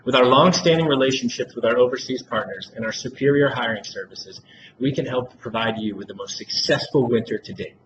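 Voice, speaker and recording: Guy doing a sales pitch, persuasive, keeps saying the client's name, muffled noisy recording. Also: a little fast. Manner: persuasive, addresses the listener by name often. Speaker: salesperson in a sales role-play. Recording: dull lo-fi recording with clear background noise.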